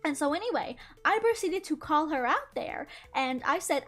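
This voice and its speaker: A young woman channel host chatting through a casual storytime while drawing, quick and full of "like". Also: sits high, soft background music. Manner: chatty, fillers of "like", quick retelling with laughs.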